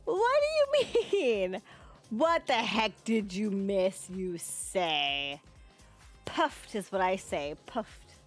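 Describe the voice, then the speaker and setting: A woman's voice: medium pitch, lively intonation, very slow, soft background music. A woman livestreaming a game, chatting playfully with her viewers and laughing often. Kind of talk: live gameplay commentary and chat with viewers.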